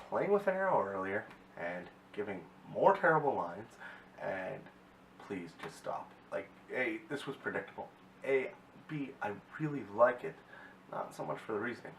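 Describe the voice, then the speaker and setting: A man with a mid-range voice casually recaps a TV episode, rambling and correcting himself often. The mic is set back in an echoey room, so he sounds distant, with faint hiss.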